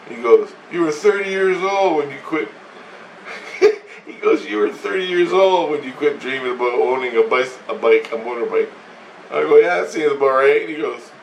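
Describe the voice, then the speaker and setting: A man's voice: mid-range voice, a little hiss or hum. A man casually recounting a dream in a rambling way, often laughing and repeating "he goes" as he retells a conversation. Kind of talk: casual spoken storytelling. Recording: roomy sound, speaker away from the mic, faint ambience.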